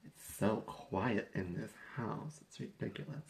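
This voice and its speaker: Chatty low-voiced young man vlogging. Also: unhurried, vocal fry. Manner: chatty and rambling, with restarts and quoted asides. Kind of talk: casual talking-head vlog.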